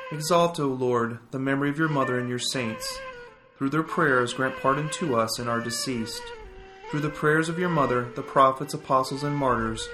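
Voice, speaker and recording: A man reading scripture and prayers as a liturgical reader, in solemn, measured phrases. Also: mid-range voice. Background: flute music.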